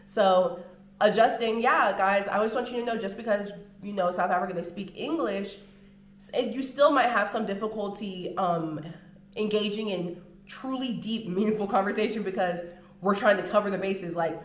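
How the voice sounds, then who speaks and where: An American woman vlogging in casual chat to the camera, animated and full of drawn-out filler words. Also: mid-range voice. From United States. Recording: roomy home room echo.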